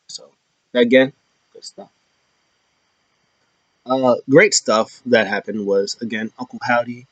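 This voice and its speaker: An animated man talks through a casual wrestling recap at a medium pitch. He keeps jumping into high, mocking voices for quotes, over a dull, lo-fi mic in a dry room. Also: normal speed, long pauses, no room sound. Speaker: wrestling show recap host.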